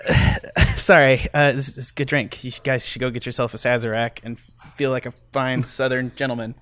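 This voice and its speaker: A man's voice: mid-range voice, flat delivery, fairly quick, fairly bright tone, dry recording. A man co-hosting a podcast in casual film review chat, talking in long rambling runs with many restarts. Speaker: podcast co-host.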